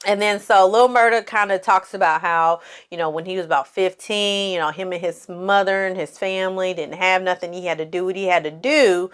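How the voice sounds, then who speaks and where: A woman hosting a casual TV recap, chatty and animated, with features, acting out characters' lines in a dramatic voice. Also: lowish voice, fairly quick, few pauses, clean tone. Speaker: film and TV recap host.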